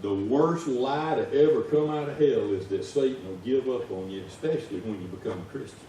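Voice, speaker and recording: A man's voice: mid-range voice, a little fast, slight background noise. A man with a Southern US accent preaching a folksy, conversational sermon as a lay preacher. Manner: folksy, conversational, rising to shouts in stories. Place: church sanctuary. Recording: echoey church heard from far off.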